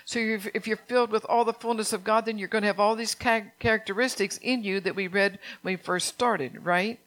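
A woman's voice: medium pitch, steady tone, a little fast, fairly bright tone. An older woman preaching an earnest sermon, reading scripture aloud and asking her congregation questions.

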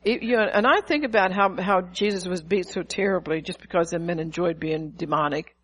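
An older woman pastor preaching a sermon, lively, asking the congregation questions and acting out quotes. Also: fairly low pitch, brisk, slightly rough, low-quality recording.

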